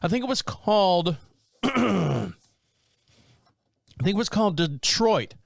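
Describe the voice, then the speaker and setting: A man's voice: sits high, sing-song, slow, creaky, no room sound. Rambling jokey man, dry close sound. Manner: rambling, jokey, self-mocking asides. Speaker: podcast host. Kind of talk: casual solo podcast chat.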